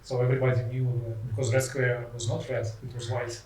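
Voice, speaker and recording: Russian-accented man, halting and echoey. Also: medium pitch, flat delivery, darkish tone, recorded from a distance, a little hiss or hum. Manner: halting, searching for words with many uh fillers. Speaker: podcast guest. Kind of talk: casual podcast chat. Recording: echoey room, voice off-mic.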